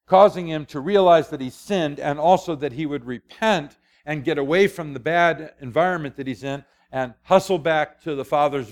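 An older man, a preacher, giving a conversational sermon in a folksy, storytelling way with asides. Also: on the high side.

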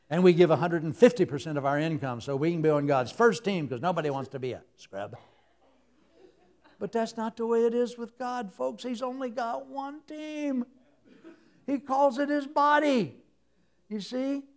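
Man, preacher, higher voice, humorous sermon, playful storytelling, sound effects. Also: a little mellow.

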